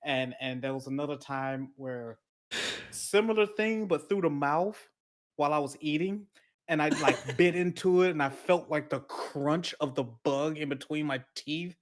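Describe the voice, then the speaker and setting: A man's voice: a little high, moderate pace. A man hosting a casual podcast, telling crude stories animatedly with sudden yelps. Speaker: podcast host. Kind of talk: casual chat.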